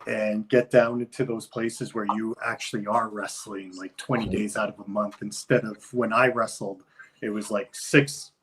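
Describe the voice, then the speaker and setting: A man's voice: fairly low pitch, little pitch movement, moderate pace, a bit bright, a little hiss or hum, low-quality recording. Rambling man chatting as a guest. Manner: loose, rambling, lots of "like". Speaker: guest, wrestler. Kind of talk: casual interview chat.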